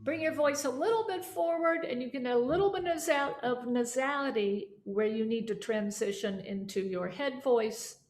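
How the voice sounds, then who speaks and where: This woman's voice is high-pitched but darkish in tone, and she talks at normal speed with hardly any pauses. She's coaching voice students through exercises and demonstrating sounds aloud, in an echoey room where faint music and an instrument sound behind her.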